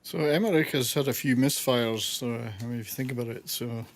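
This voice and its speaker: A man hosting a casual movie-review podcast, talking in a relaxed, joking way with drawn-out asides. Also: mid-range voice, a little hiss or hum. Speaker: podcast host.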